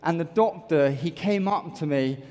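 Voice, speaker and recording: A man's voice: a little high, moderate pace. Motivational speaker, male, from the UK, playful crowd banter, hall reverb. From United Kingdom. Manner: energetic, jokey, bantering with the crowd. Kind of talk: stage talk to a large audience. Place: large auditorium. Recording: echoey large hall.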